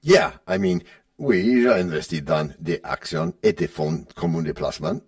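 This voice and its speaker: A man's voice: deep voice, moderate pace, creaky, far from the mic. A man hosting a podcast, bantering in a playful, teasing way. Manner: playful, teasing, lively delivery. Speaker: podcast host.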